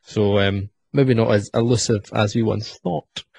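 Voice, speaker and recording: Brief: Scottish man host, husky, dry close sound, rambling and jokey. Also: on the low side, a little slow, a little mellow, no echo. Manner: rambling, jokey, with lots of fillers. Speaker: podcast host. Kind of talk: casual chat, beer tasting.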